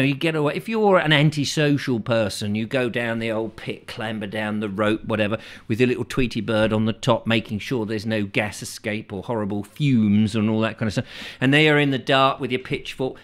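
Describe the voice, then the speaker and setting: A middle-aged Englishman muses aloud on his own show, whimsical and chatty. His pitch rises and falls freely as he wanders from one silly thought to the next. He is a comic host, not a reader of a script. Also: fairly bright tone. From England. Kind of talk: comic rambling monologue.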